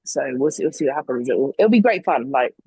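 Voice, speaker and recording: A woman's voice: a bass voice, animated, fast, warm tone, breathy edge, no echo, low-quality recording. A young woman, co-hosting a casual sports podcast and telling stories with lots of fillers and apologies. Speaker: podcast co-host and flag football player. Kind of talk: casual chat.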